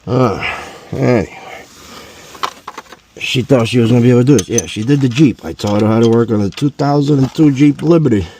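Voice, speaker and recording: Swearing, joking man with a mellow voice. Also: medium pitch, a little fast, a little hiss or hum. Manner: profane, joking, rambling and animated. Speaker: DIY car vlogger. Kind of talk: casual storytelling while working on a car.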